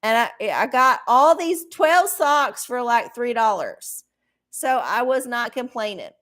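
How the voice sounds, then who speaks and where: A woman talks casually to her livestream audience, blunt and profane as she rambles from one gripe to the next. Her voice sits a little on the high side, and she mocks herself as readily as anything else. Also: big pitch swings, slow pace, fairly bright tone. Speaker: livestream host doing oracle readings.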